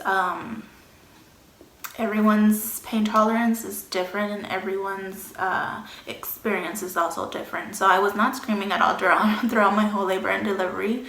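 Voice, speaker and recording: A young woman speaks with a bright, clear voice as she tells a personal story to the camera. She talks casually and acts out what people said, sometimes dropping to a whisper. The room echoes a lot. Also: medium pitch, slight background noise. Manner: animated, acts out quotes, drops to whispers. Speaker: vlogger.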